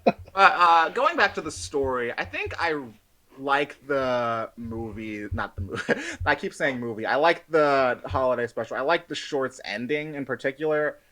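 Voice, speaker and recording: A man's voice: mid-range voice, lively intonation, normal speed, sharp tone, low-quality recording. A man as a podcast guest in casual chat, rambling and leaning heavily on the filler "like" with frequent laughs.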